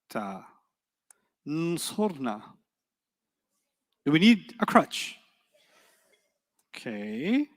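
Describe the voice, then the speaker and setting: Teaching an Arabic grammar class in a large hall, a man with a fairly high voice quizzes his students with rapid rhetorical questions, keeping things playful and teasing.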